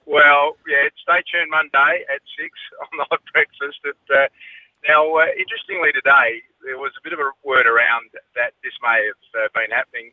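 Man on a radio call, chatty, halting with uh and um, tinny phone line, dry sound. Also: mid-range voice, fairly even intonation, no echo. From South Australia. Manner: chatty, hesitant with many fillers, laughs often. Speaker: radio host calling in. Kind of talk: casual radio banter.

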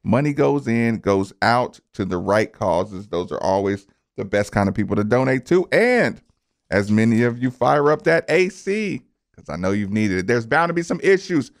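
Animated, quick-laughing radio host, a man. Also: mid-range voice. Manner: lively, laughs often, jokes with co-host. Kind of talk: sports radio chat with ad reads.

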